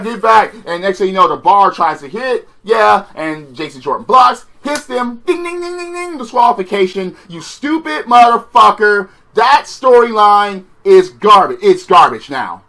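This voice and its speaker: A man's voice: sits high, sharp tone. A man giving a profane, sarcastic, exasperated rant reviewing a wrestling show.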